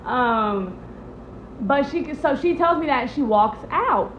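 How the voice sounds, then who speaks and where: A young woman with a high, bright voice tells a personal story in a loose, chatty way. She acts out other people's lines with sudden jumps in her voice. The sound is a bit muffled and echoes off the room. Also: takes it slowly, slight background noise. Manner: animated, acts out quotes with big pitch jumps. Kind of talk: casual storytime vlog.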